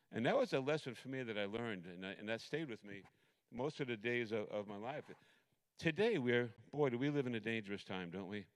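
A middle-aged man preaching a sermon, telling a personal story in a rambling, animated way with many restarts. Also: medium pitch, fairly quick.

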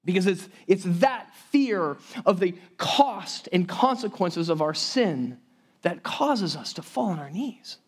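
A man's voice: high voice, lively intonation, takes it slowly, breathy edge. A man preaching a sermon in a conversational, emphatic way, with frequent restarts and asides to the congregation. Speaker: pastor.

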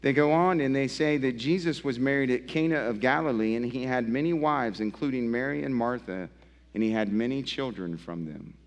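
A pastor preaching a sermon with emphatic repetition, his delivery swinging between low, quiet passages and loud, climactic ones. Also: normal speed. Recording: long hall reverb.

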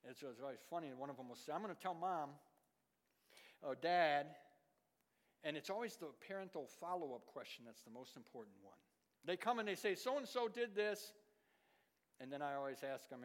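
A middle-aged man preaching a sermon as pastor, swinging from loud, emphatic lines to hushed, low asides. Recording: long reverb of a large hall.

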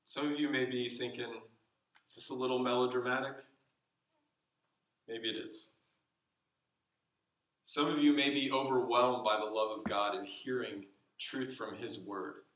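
A man delivers a sermon from the pulpit, his voice bright and ringing, stretching key phrases slowly and then letting them fall away quietly. The sound carries through a roomy church, picked up from some distance. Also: mid-range voice. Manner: slow deliberate emphasis, dropping to soft asides. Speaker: pastor. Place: church sanctuary.

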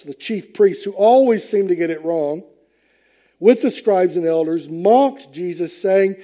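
Slow, mellow-voiced male preacher. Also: high-pitched, animated. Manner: emphatic, rising and falling with the message. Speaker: pastor. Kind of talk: sermon.

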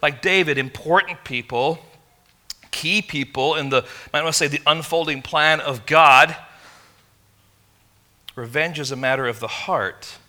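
A man from England, preaching a sermon in an animated, conversational storytelling way. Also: fairly high pitch, measured pace, pauses often. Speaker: pastor.

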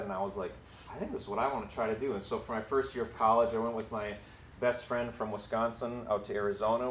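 A man's voice: on the low side, roomy sound, slight background noise. A man preaching a sermon in a casual, storytelling and self-deprecating way. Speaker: pastor. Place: church building.

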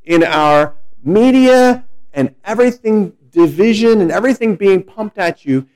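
A man's voice: high-pitched, expressive, unhurried, a little mellow. A middle-aged man, a pastor, preaching a sermon in a conversational, storytelling way with frequent restarts.

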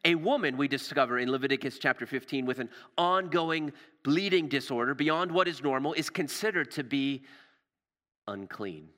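A male pastor delivers an impassioned sermon in a bright, ringing voice. His pitch rises and falls widely, and he drops to near-whispers for emphasis. The sound carries the long reverb of a large hall. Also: lively intonation, moderate pace. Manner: impassioned, repeats words, drops to hushed emphasis.

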